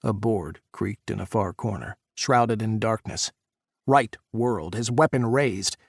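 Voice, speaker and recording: A man narrating an audiobook, voicing the characters' shouts during the action scenes. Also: on the low side, a little slow, creaky, husky, no room sound, clean studio sound. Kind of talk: scripted narration.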